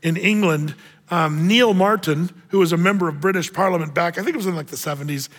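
A man preaching a sermon as pastor, animated and acting out the voices of the people in the story. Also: high voice, brisk, in a large hall.

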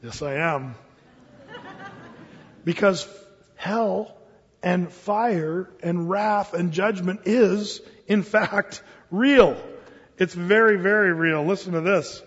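A man preacher telling a sermon story, dramatic and shifting between hushed and emphatic delivery. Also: high-pitched, slow, pauses often, breathy edge, big-room sound, lo-fi sound.

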